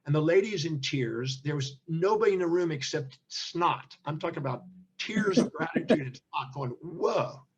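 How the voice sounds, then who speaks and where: An older man with a husky, somewhat high voice tells a story, acting out the voices of the people in it. The sound is muffled and lo-fi, like audio from a remote call. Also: moderate pace. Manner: animated storyteller, acts out quoted speech. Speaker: interview guest, seminar teacher. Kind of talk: storytelling in an interview.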